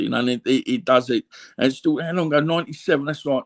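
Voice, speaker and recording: A man's voice: medium pitch, fast. Blunt rambling Cockney man. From London, England. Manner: rambling, repeats fillers, blunt and earthy. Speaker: guest. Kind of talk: candid conversational storytelling.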